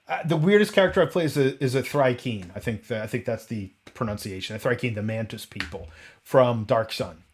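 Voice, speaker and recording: A man's voice: mid-range voice, brisk, slightly rough. A man hosting a casual roundtable chat, rambling through tangents and rhetorical questions and often restarting and correcting himself. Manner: frequent restarts and self-corrections.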